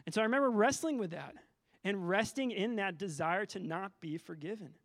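High-voiced gravelly man preaching. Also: brisk. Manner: candid storytelling with many restarts and fillers. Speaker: teacher giving a church teaching. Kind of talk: sermon.

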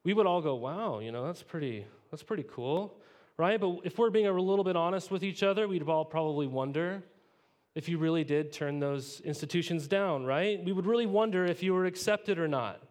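A male pastor teaching a sermon in a casual, animated way, tossing rhetorical questions to the congregation and adding playful asides. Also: high-pitched, brisk. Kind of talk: conversational sermon.

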